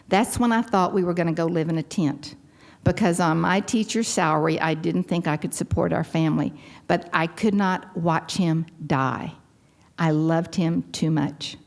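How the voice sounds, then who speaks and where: Wry Texan woman in her sixties, lowish voice. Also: normal speed, creaky. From Texas. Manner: wry self-deprecating humor, lively storytelling with sudden jumps up in pitch. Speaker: convention speaker sharing her recovery story. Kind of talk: personal storytelling talk.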